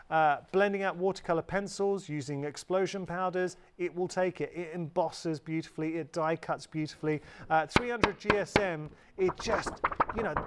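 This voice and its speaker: British guy hosting a craft shopping show, bit high voice, chatty and upbeat, lapel mic in a studio. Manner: chatty, upbeat, self-correcting. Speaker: shopping channel presenter. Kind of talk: live TV sales pitch.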